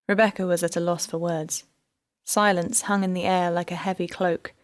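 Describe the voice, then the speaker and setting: A woman reads an audiobook in a low, soft, measured voice. The sound is dry and close, with no room around it. Her narration stays calm and steady between the lines of dialogue. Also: no room sound.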